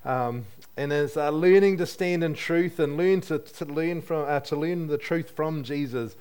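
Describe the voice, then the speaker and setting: A man's voice: on the high side, a little slow, darkish tone, smooth. A man preaching a sermon in a conversational way, asking his listeners questions and adding light humor.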